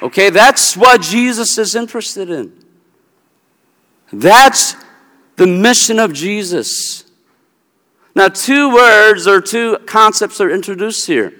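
A man preaching a sermon with a high, bright and forceful voice. He teaches emphatically, laying out his points step by step. The sound carries a long reverb from a large hall. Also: animated, slow pace, long pauses. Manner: emphatic teaching with logic examples. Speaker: pastor.

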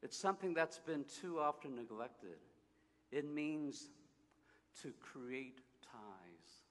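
A man reading as a wise gentle fox. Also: mid-range voice, expressive, voice pushed up. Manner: slow, earnest storybook reading. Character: wise gentle male fox, patient teacher. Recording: long hall reverb.

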